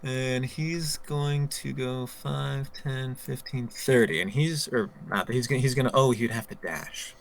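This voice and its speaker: A man's voice: mid-range voice, a little slow, creaky, hardly any pauses, slight background noise. Man running a tabletop game, full of ums. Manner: thinking aloud, with frequent ums and counting. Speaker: game master.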